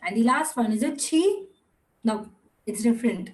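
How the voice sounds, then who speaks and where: Woman language teacher, high voice, unhurried, drawn-out drills, drops into Hindi and Gujarati asides. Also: expressive, poor audio. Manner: slow, drawn-out model pronunciation with repeat-after-me drills. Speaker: Mandarin teacher. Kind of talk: online language lesson.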